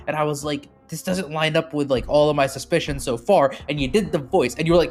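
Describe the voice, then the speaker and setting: A man at a tabletop game podcast talks fast and animated, breaking into laughter mid-rant. Soft music plays underneath his voice. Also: fairly high pitch. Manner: animated ranting, laughs often. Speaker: player. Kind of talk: casual tabletop banter.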